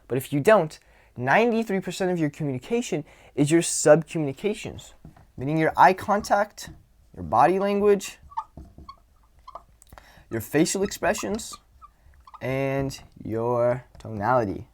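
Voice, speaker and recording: A man's voice: fairly high pitch, a little hiss or hum. Easygoing man coaching on vocal expression. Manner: demonstrative, swings from whisper to loud to show vocal dynamics; relaxed, grounded, drawn-out delivery with sighs. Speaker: social skills coach. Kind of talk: casual instructional talk.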